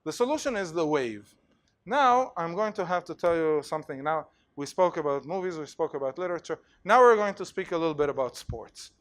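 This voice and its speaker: A male university lecturer giving an animated lecture in a hall, telling stories and acting out examples with plenty of fillers. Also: a little high, brisk. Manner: animated storytelling, acts out cheers, many fillers.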